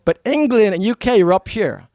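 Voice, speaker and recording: An American man from New York giving a blunt, energetic talk to a live seminar audience as a motivational speaker. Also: high voice, moderate pace, no echo. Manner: energetic, blunt and emphatic, with mock voices.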